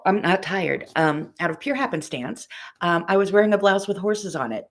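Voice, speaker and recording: A low-voiced woman in her fifties with a heavy gravelly rasp chats loosely with her online audience. She is a quilting teacher who rambles from one story to the next and stops to greet viewers by name. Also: expressive, brisk. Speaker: quilting teacher and live-stream host. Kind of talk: casual live-stream chat.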